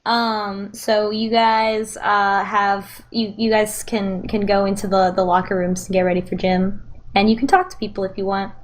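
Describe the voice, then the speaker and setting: A woman narrating as game master of a tabletop role-playing game, halting and repeating words as she goes. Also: mid-range voice, little pitch movement.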